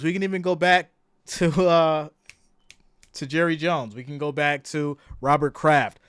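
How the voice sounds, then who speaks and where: A man hosting a casual sports live stream, loud and excitable, greeting chat viewers by name and swinging between shouted hype and low asides. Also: normal speed, clear, resonant tone, no echo, clean studio sound. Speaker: sports livestream host.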